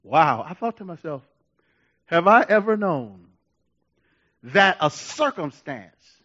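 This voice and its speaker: Male pastor, high voice, lively sermon delivery, muffled lo-fi recording. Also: slow. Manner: animated preaching with laughs and repetitions.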